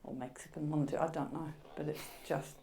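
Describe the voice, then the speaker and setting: A woman with a fairly low voice full of creaky fry chats through a ghost hunt in an old jail. She jokes and laughs easily as she talks. A faint hiss sits under her voice. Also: fairly even intonation, fairly quick. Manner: chatty, laughs easily, jokey. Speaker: paranormal investigator. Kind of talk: casual chat during a ghost hunt. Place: inside an old jail at night.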